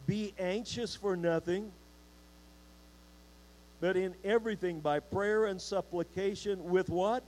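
Man, pastor, sermon in church, slow unhurried delivery, stumbles and repeats words, questions to the congregation. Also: high-pitched, darkish tone, low-quality recording.

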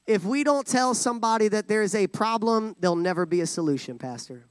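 A man's voice: sits high, expressive, brisk, clear, resonant tone, no echo. A man preaching a sermon in a folksy, joking way, calling for responses from the congregation. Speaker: guest preacher.

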